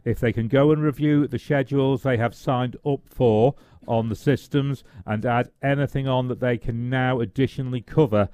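A man with an ordinary mid-range voice works as co-commentator on radio race coverage. He rattles quickly through lists of finishers and announcements. The recording is dry and close. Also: mid-range voice, fairly even intonation, warm tone, clean tone, dry recording. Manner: fast, reels off finishers and notices.

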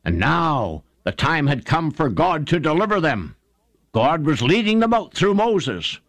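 A man preaching a sermon and retelling Bible stories with fervour, rising sharply in pitch to stress points and calling his listeners friends. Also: big pitch swings, measured pace, dry recording. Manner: fervent storytelling preacher, swings pitch up for emphasis.

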